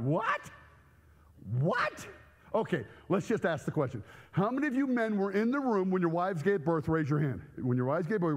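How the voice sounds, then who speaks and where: A man preaching a sermon to a church congregation, telling comic stories with loud outbursts. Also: a little high, in a large hall. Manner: animated storytelling with comic outbursts. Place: church sanctuary.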